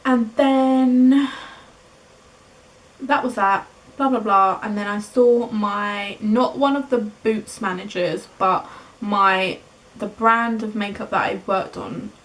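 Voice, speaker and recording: A young British woman in her twenties telling a story casually in a vlog, chatty and animated, acting out the dialogue. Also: medium pitch, takes it slowly, poor audio. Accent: British English. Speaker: beauty vlogger.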